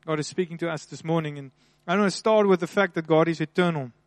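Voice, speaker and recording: A male pastor preaching a sermon, repeating and slowly stressing key phrases with rising emphasis. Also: a little high, no room sound.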